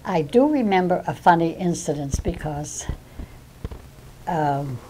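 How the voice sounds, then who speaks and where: An older woman with a Massachusetts accent that drops her R's, recounting a personal anecdote in an unhurried storyteller's way. Her voice sits fairly low, with a dry, wry humor. There is a faint hiss behind her. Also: animated, warm tone, poor audio. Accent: Massachusetts, non-rhotic. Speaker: local resident sharing memories.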